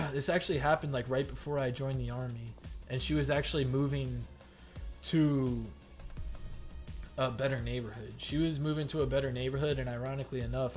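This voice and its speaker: A man's voice: mid-range voice, darkish tone. Rambling young man telling a story. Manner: rambling, heavy "like" fillers, swearing. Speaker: game streamer. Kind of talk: casual storytelling. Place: home gaming setup.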